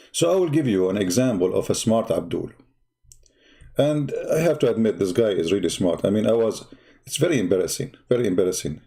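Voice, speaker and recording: A man hosting a live stream, mocking and sarcastic, growing loud and excited as he argues. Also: on the low side. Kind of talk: live-streamed religious debate talk.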